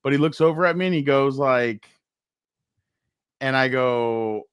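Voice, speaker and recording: Male co-host, casual sports talk, smooth resonant tone, dry close mic. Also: mid-range voice, unhurried, no echo. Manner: rambling, lots of fillers and laughs. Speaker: podcast co-host.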